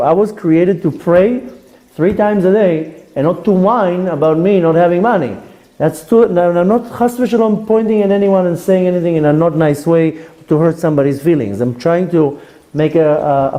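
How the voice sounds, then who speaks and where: A man's voice: high-pitched, normal speed, mellow, low-quality recording. A male rabbi giving a Torah class in a playful, conversational way.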